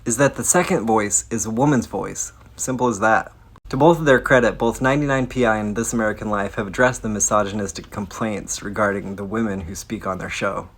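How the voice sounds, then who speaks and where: A man with a low, husky voice that sits in vocal fry gives a casual science explainer. He talks bluntly and with strong opinions, dropping swear words in passing. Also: brisk. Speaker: science video creator.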